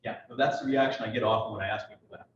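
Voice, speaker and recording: A man's voice: fairly low pitch, fairly even intonation, rapid-fire, fairly bright tone. A man giving a persuasive speech to a party audience, emphatic and full of rhetorical questions, acting out little dialogues. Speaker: political speaker. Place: large room at a party convention. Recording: echoey hall, picked up from a distance, muffled.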